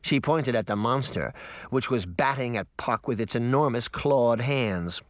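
Guy narrating an audiobook, lively and dramatic, dry close mic. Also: mid-range voice, measured pace, no room sound. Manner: expressive, dramatic storytelling.

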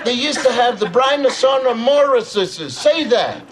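A man's voice: high voice, animated, unhurried, a crowd in the background. An actor playing a playful middle-aged father in a family sitcom, teasing his kids and lecturing them in mock-serious fashion. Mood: joking. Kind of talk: sitcom acting before a studio audience. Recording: loud studio audience laughter behind.

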